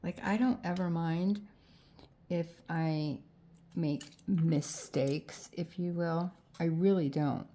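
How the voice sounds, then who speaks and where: A woman's voice: fairly low pitch, steady tone, slow, dark tone, slight background noise. A middle-aged woman vlogging as she crafts, rambling and indecisive as she talks herself into her choices. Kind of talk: casual thinking aloud while crafting.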